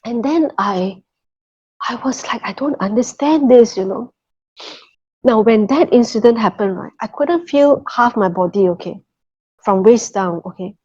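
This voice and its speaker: A middle-aged woman with a darkish, breathy-edged mid-range voice earnestly relates her personal faith journey, unhurried and with long pauses. She checks in with listeners often and says "okay" and "you know" again and again; the lo-fi recording is muffled.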